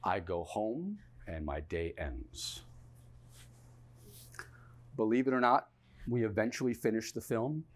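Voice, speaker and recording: Animated young male stand-up storyteller. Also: on the low side, slow pace, long pauses. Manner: animated, self-mocking storytelling. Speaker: comedian. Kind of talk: one-man comedy storytelling. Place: theatre stage.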